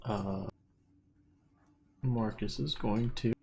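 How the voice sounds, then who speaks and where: A player in a tabletop game speaking hesitantly, correcting himself mid-thought. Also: male voice, lowish voice, creaky, darkish tone, slight background noise. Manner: slow, hesitant. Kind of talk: casual tabletop play.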